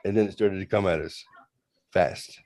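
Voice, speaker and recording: Low-voiced man telling a spooky story. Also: fairly even intonation, moderate pace, darkish tone. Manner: rambling, acts out voices in quotes. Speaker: host retelling a story. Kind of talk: casual storytelling.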